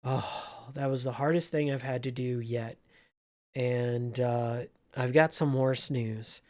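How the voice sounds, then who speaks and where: A man voicing his old store manager in an everyday tone, halting and fumbling for words. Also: on the high side, fairly even intonation, a little mellow, natural voice. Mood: weary. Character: awkward male store manager firing someone.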